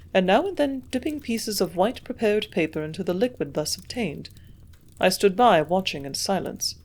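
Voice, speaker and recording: Quiet, measured woman narrator. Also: mid-range voice. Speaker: audiobook reader. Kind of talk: scripted narration.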